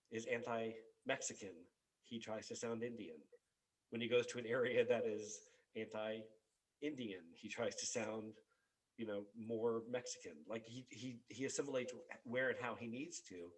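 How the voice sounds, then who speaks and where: Male host, low husky voice, a bit off-mic, halting casual talk. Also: distant mic, poor audio. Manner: halting, many fillers and restarts. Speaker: podcast host. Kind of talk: casual discussion.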